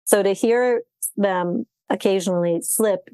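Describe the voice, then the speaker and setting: A woman co-hosting a book podcast, chatty and agreeable with quick asides. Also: mid-range voice, mellow, clean tone, dry recording. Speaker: podcast co-host. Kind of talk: casual book chat.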